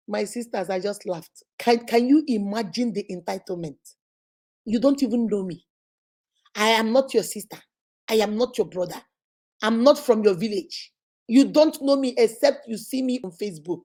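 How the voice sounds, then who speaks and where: A woman's voice: a little high, moderate pace, darkish tone. A middle-aged Nigerian woman hosting a casual vlog, telling stories with laughter and rhetorical questions. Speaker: host.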